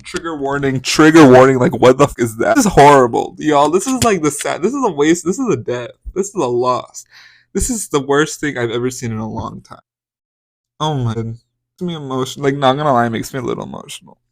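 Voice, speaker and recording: A man's voice: mid-range voice, animated, a little fast, gravelly, dry recording. Young guy podcast host ranting gossip, over the top and crude, dry close sound. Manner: dramatic, profane, exaggerated outbursts. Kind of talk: casual gossip commentary.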